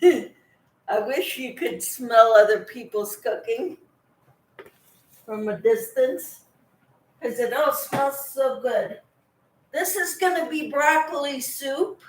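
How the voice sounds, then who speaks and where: Slow-talking woman chatting on a livestream. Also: high voice, expressive, roomy sound. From Kansas. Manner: chatty, greets viewers by name while cooking. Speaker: crochet channel host. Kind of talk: casual livestream chat with viewers. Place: home kitchen.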